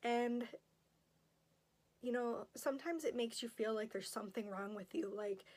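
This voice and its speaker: A woman's voice: a little high, moderate pace, darkish tone. Candid woman in her thirties. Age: 30s. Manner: candid, emotional. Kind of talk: personal vlog.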